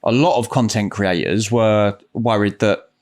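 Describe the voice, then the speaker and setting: A man's voice: lowish voice, steady tone, a little slow. A man, chatting casually on a podcast as host, swearing freely in laid-back banter. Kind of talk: casual chat.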